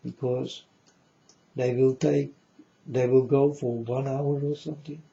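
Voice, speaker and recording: A man's voice: mid-range voice, little pitch movement, unhurried, gravelly, mellow, dull audio. Earnest man warning his folks. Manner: repetitive, earnest, addresses listeners as folks. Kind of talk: rambling spoken warning to viewers.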